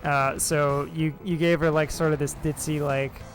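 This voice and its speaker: A man hosting a casual livestream and chatting about translating a game, rambling with halting restarts and chuckles. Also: a little high, level tone, over music. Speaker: stream host and translator.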